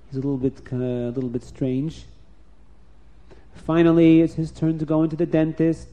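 A man telling a story aloud, acting out the characters' lines with lively shifts in pitch. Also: highs cut off. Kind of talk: spoken storytelling.

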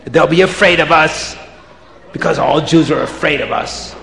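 A man's voice: on the high side, moderate pace, vocal fry, fairly bright tone. A man putting on a pair of gleeful scheming witches. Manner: gleeful, taunting, boastful. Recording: roomy hall reverb.

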